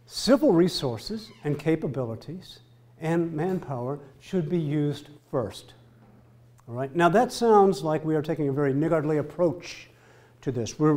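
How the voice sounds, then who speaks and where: A man's voice: a little high, warm tone. A middle-aged man giving a joking, emphatic lecture to military students, often asking his listeners rhetorical questions.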